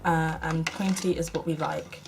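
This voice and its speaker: Recorded with poor audio, a young woman from the UK casually narrates a makeup tutorial, self-mocking and often murmuring to herself. Her voice is lowish and fairly even, at a measured pace.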